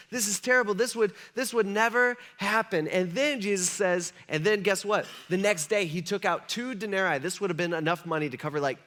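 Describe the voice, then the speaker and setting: A man pastor giving a casual, conversational sermon in a church, telling the story with animated energy. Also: high-pitched. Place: church sanctuary.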